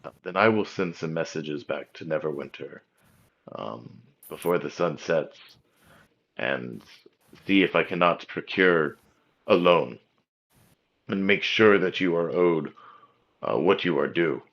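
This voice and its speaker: Deep and formal, this is a dutiful town official, played by a man in a tabletop game. He speaks in measured, proper sentences. The audio is dull and lo-fi. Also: expressive, fairly bright tone, exaggerated voice. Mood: earnest.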